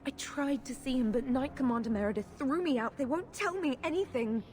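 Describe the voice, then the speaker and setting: A woman's voice: sits high, a little fast, darkish tone, lightly acted. An actress playing a devout woman who anxiously pleads for help finding her missing brother, in formal speech.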